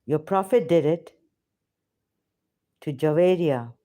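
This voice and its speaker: Woman in a heated argument, accusatory and unrelenting, slow measured pace. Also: low voice, dark tone. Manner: confrontational, accusatory. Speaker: ex-Muslim debater on a call.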